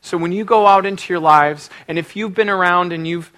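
A man's voice: sits high, a little fast, sharp tone. A middle-aged man preaching a sermon, telling a personal story with earnest emotion and then leading a prayer. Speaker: pastor.

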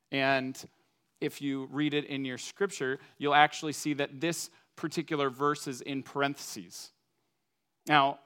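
A man's voice: mid-range voice, fairly bright tone, smooth. A man from Minnesota giving a conversational sermon to a congregation, using everyday examples. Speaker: preacher.

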